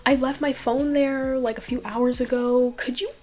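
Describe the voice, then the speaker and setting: A woman's voice: high-pitched, fairly even intonation, normal speed, a little mellow, voice pushed up, lightly acted. A woman voicing an eager young woman who pleads for a favor over the phone. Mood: pleading.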